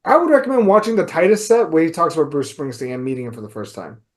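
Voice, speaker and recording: A man's voice: fairly high pitch, expressive, fast. A man co-hosting a casual podcast, telling anecdotes and dropping dry wisecracks. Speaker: podcast co-host.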